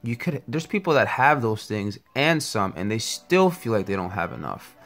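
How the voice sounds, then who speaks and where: Low voiced man teaching about spirit and thoughts, earnest and reflective, faint music behind. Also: big pitch swings, moderate pace, fairly bright tone. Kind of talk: spiritual talk.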